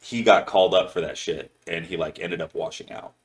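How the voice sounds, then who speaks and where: A podcast host with a low, steady voice tells a long, rambling story in casual chat at a fairly quick pace. He swears heavily and fills his speech with "like."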